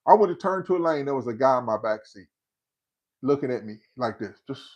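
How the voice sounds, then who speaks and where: In a mid-range voice and at a slightly fast pace, a livestream host in his fifties tells a relaxed story, vividly acting out each character's quotes. The audio sounds dull.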